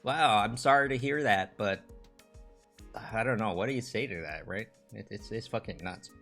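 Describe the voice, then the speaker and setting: Casual male streamer, lowish voice with a bright edge, halting and filler-heavy, faint music behind. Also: creaky. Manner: rambling, halting, lots of fillers. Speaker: livestream host. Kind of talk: casual chat with live viewers.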